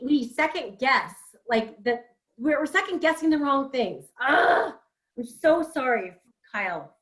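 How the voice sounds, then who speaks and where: A woman with a slightly high voice, speaking as a school board director over a video call. She talks in an emphatic, frustrated way, apologizing and then pressing her point again. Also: rough recording. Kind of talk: virtual meeting remarks. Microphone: computer mic on a video call.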